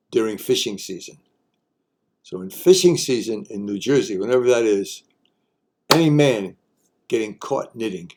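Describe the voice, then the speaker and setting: A man's voice: lowish voice, darkish tone, breathy edge. An older man hosting a casual explainer, talking in a folksy, wry way with joking asides. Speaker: host.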